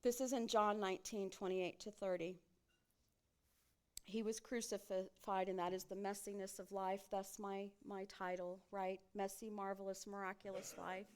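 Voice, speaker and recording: A woman's voice: mid-range voice, flat delivery, normal speed, smooth. A woman pastor preaching a sermon in a church sanctuary, often turning to the congregation with rhetorical questions.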